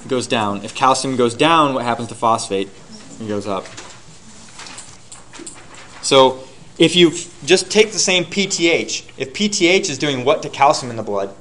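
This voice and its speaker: A man teaching a class, lecturing and quizzing his students with rapid questions and answering them himself. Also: medium pitch, expressive, a bit bright, a little hiss or hum.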